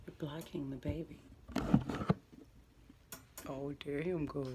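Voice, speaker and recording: A woman's voice: low voice, steady tone, slow, long pauses, warm tone, a little hiss or hum. A woman vlogging at home by a window, chatting to her dogs in playful, coaxing baby talk. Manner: playful, sing-song, coaxing. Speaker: pet vlogger.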